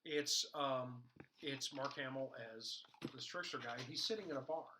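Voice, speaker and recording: A man's voice: medium pitch, moderate pace, bright, forceful tone, a little hiss or hum, low-quality recording. A man co-hosting a casual podcast chat, rambling along with jokes, fillers and restarts. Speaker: podcast co-host.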